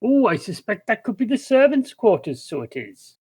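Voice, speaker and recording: A man's voice: sits high, very animated, normal speed, darkish tone, slightly rough, heavily acted. An older man voicing a cheerful male gnome artificer in a put-on Welsh accent, ending his sentences with "so it is". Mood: earnest. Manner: ends sentences with "so it is". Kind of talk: in-character tabletop play.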